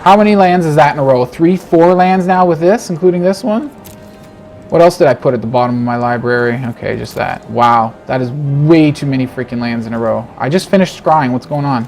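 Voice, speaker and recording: A man giving casual, animated commentary on his own card game, talking to himself and joking through his frustration. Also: a little high, brisk, soft background music. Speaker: game streamer. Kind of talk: gameplay commentary.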